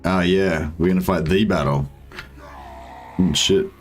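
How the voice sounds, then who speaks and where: Deep-voiced Australian man streaming a game. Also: unhurried, soft background music. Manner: relaxed, chatty, greets viewers by name. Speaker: livestreaming gamer. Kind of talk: casual livestream chat.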